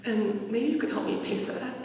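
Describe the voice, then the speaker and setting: A woman's voice: fairly high pitch, normal speed, a little mellow. Woman testifying in an echoey hall. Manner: earnest, conversational, with frequent restarts. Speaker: campus minister giving a retreat talk. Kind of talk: personal testimony storytelling. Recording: echoey hall recording from far off.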